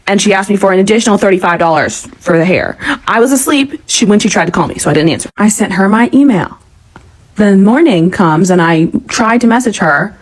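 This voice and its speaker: A young woman vlogger telling a storytime in an animated, exasperated way, swearing as she goes. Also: mid-range voice. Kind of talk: storytime vlog.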